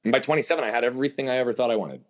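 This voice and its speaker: A podcast guest with a mid-range voice races through his story, speaking candidly and emphatically and throwing rhetorical questions at himself.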